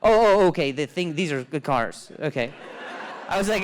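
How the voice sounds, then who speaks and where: An expressive male stand-up comedian does crowd work on a club stage, speaking into a handheld mic. He has a stutter and fires off quick self-deprecating quips along with low, muttered asides.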